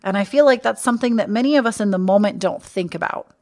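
A woman's voice: mid-range voice, fast talker, darkish tone. A young adult woman hosting her own podcast, talking casually and earnestly about empathy, reflective and conversational. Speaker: podcast host. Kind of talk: casual solo podcast talk.

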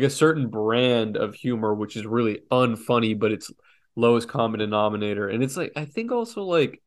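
Rambling young male podcast co-host. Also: medium pitch. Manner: rambling, reflective, full of restarts. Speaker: podcast co-host, comic artist. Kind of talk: casual podcast banter.

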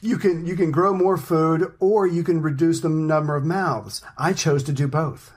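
Brief: husky male co-host, dry quips, slightly high voice. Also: steady tone, moderate pace. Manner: dry wisecracking asides. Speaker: podcast co-host. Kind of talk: casual history podcast chat.

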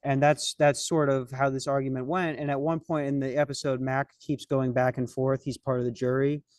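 A man's voice: mid-range voice, little pitch movement, moderate pace, darkish tone, no echo. A young man hosting a podcast, telling a comic story in a rambling, profane, self-mocking way. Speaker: podcast host. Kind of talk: comedic storytelling chat.

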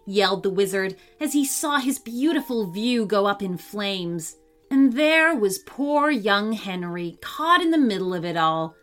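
Woman storyteller, bright and lively, soft music under her. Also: a little high. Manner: expressive, animated storytelling. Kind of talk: children's story narration.

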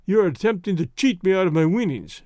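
A man's voice: high voice, lively intonation, fast talker, darkish tone, dry recording, studio quality. A man voicing a scheming, desperate Russian man who wails bitterly in an audio story. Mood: resentful. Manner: wailing, bitter.

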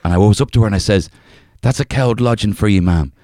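A young man with a very low voice reads an old folk tale aloud. He does it in a thick storyteller's brogue, stopping now and then for a wry aside. The sound is close and dry. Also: fast, dark tone, no echo. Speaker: podcast co-host reading a folk tale. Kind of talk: casual podcast chat with dramatic reading.

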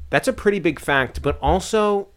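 A man's voice: high-pitched, normal speed, a bit bright. A young man co-hosting a podcast, chatting casually about a film, laughing often, recorded on a phone mic. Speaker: podcast co-host.

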